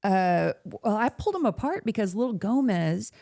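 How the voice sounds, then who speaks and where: A woman podcast host telling a story in casual chat. She talks in an animated way, swears freely and laughs often. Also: medium pitch, moderate pace, gravelly.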